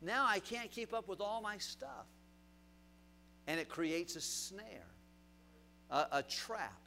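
Man, pastor, sermon, high-pitched voice, loud bursts and quiet drops, questions to the pews. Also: animated, slow pace, gravelly, soft background music. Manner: asks the congregation questions.

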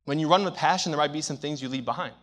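A young man preaching a sermon, telling a story with big swings from hushed to shouting. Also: a little high, very fast.

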